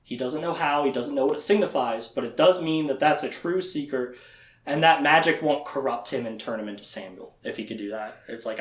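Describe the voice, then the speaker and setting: A man hosting a podcast and casually recapping a book, acting out the characters' lines in quick quoted voices. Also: medium pitch. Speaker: podcast host. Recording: echoey room.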